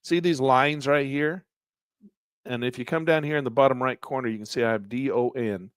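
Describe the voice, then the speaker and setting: Man, trading instructor, live online class, step-by-step explanation, losing his voice, frequent throat clearing, mid-range pitch. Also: steady tone, fairly quick, no echo. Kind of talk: live online class walking through charting software.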